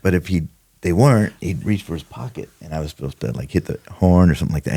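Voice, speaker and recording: Racing through his stories, a retired homicide detective, now an older podcast guest, keeps the interview casual, acting out quotes and laughing a lot. His voice is low-pitched, creaky, and warm.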